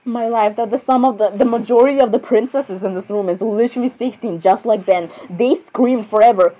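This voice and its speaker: A woman performing a playful fan role-play skit, voicing several princesses with excitable, dramatic exclamations and flustered restarts. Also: fairly high pitch, fairly quick, rough recording.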